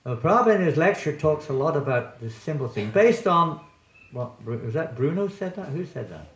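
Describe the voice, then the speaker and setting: Man, swami giving a class in a temple hall, lively up-and-down delivery, keeps quizzing the audience. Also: fairly high pitch, fairly quick. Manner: chatty, joking, quizzes the audience. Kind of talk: sermon with audience questions. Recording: echoey hall.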